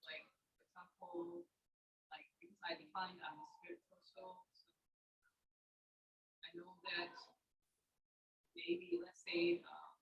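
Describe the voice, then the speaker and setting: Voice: mid-range voice, big pitch swings, slow pace, gravelly, long pauses, a little hiss or hum. A participant in a discussion session, answering a question hesitantly and searching for words. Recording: echoey, dull room sound.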